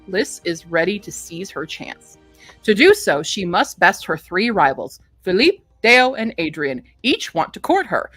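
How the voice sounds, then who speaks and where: A woman hosting a casual book stream, chatty and quick to laugh, reading book synopses aloud. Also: fairly low pitch, fairly bright tone, no echo. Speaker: book reviewer host.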